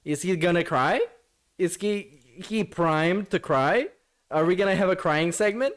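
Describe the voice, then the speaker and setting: A man's voice: high voice, a little slow. A man streaming a reaction to a clip, talking back at it with sarcastic, mocking, profane commentary.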